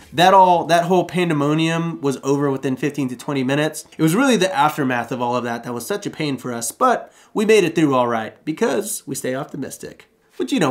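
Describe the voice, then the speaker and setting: A man in his thirties telling stories in a casual vlog, with jokey asides and acted-out quotes. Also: on the high side. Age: 30s. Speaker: short-term rental host.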